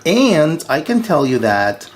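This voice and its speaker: A man from Suriname hosting a home cooking show, telling stories in a lively, chatty way. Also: fairly high pitch, takes it slowly, echoey room, a little hiss or hum. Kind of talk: casual cooking show talk.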